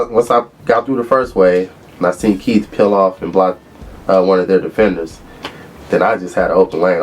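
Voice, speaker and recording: A man in his thirties from Los Angeles, a former college football player, relaxed as he tells stories in an interview. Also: low-pitched, a little hiss or hum. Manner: relaxed storyteller who acts out quotes. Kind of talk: interview reminiscing.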